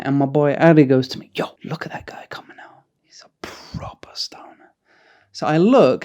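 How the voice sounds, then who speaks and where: A man's voice: medium pitch, warm tone, smooth, highs cut off. A young man telling a crude, sweary, comic story in a casual storytime vlog.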